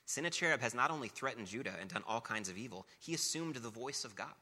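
A man's voice: medium pitch, lively intonation, quick pace, hardly any pauses, pushed and bright. A man preaching a sermon, talking casually between passages of scripture that he reads aloud with emphasis. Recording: long reverb of a large hall.

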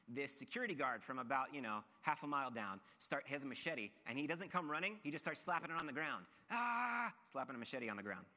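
A man preaches to his congregation, spinning a personal story with energy and acting out each voice. His tone is bright and forceful, and the sound rolls around a large hall with a long, trailing reverb. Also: mid-range voice. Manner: animated storyteller, acts out voices. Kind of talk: sermon storytelling.

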